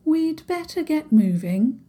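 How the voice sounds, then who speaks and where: A woman voicing a brisk, practical hare in a children's storybook. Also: high-pitched, sing-song, dark tone, voice pushed up, heavily acted.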